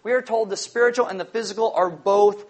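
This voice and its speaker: A male pastor preaching a sermon emphatically, repeating key lines and slowing down to drive them home. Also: sits high, fairly even intonation.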